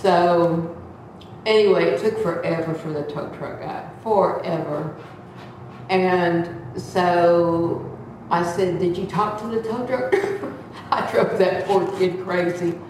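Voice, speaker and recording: A woman's voice: on the low side, slow, slight background noise. Seventy-year-old woman, echoey distant church hall. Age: 70s. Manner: lively, acts out the voices in her story. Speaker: church member giving a testimony. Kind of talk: animated storytelling testimony.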